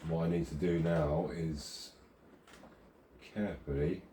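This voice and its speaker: A man's voice: extremely low pitch, fairly even intonation, slow, warm tone, a little hiss or hum. A man vlogging casually while building model railway scenery outdoors. He rambles, self-deprecating and chatty, with the odd curse. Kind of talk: casual hands-on craft commentary.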